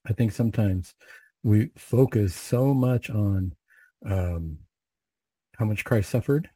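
A man with a low, very mellow voice recites Catholic prayers, then talks through a faith reflection in an easy, conversational way. His voice is a touch husky and recorded close and dry. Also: no room sound, rough recording. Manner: plain conversational, with fillers and rhetorical questions. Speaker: Catholic speaker leading prayer.

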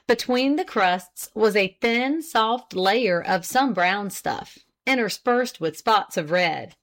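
This is scripted audiobook narration read by a woman whose voice sits in the mid range. Her reading of the story is expressive yet measured.

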